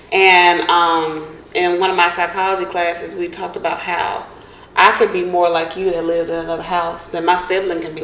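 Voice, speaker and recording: A woman telling stories in a casual podcast chat, lively and laughing as she talks. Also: fairly low pitch. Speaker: podcast co-host. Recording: echoey room, faint hiss.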